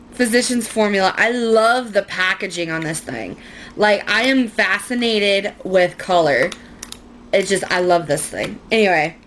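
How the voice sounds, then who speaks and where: A woman's voice: medium pitch, a bit bright, a little hiss or hum. A young woman chatting casually through a makeup tutorial at home, rambling and self-mocking. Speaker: beauty vlogger.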